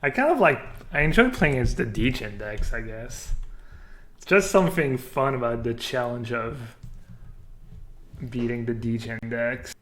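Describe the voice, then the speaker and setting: A young man whose first language is French, casually commenting on his own card game as he streams, thinking aloud with many pauses and fillers. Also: medium pitch, animated, fairly bright tone.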